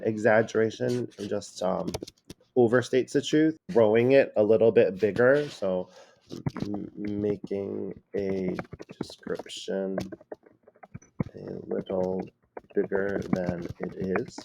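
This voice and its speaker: A male high school teacher giving a casual classroom lecture, acting out example phrases in different tones. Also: creaky, a little mellow, highs cut off. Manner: casual, acts out quoted phrases with shifting tone.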